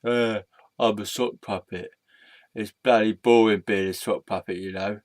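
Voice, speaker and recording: A man voicing a gloomy, bored male blue sock puppet who mumbles and grumbles in a low, slow voice. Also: fairly even intonation, no echo, lightly acted. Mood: grumbling. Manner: mumbling, mopey, low-energy.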